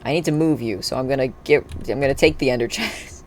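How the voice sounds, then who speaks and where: A live streamer chatting casually while playing, thinking aloud and breaking into excited cheers. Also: medium pitch, fast, a little hiss or hum. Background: faint background music and keyboard typing.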